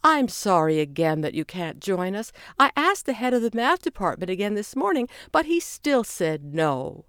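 A narrator voicing a cheerful, helpful woman who organizes an event, speaking brightly and chattily in a storybook reading. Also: medium pitch, sing-song, moderate pace, few pauses, smooth, no room sound, clean studio sound, pitched above the performer's own voice.

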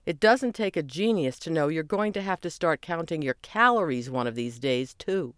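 A narrator voicing a sharp-tongued girl who teases her friend, in a storybook reading. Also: mid-range voice, expressive, normal speed, smooth, dry recording, studio quality, close to an everyday voice. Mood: teasing. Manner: teasing.

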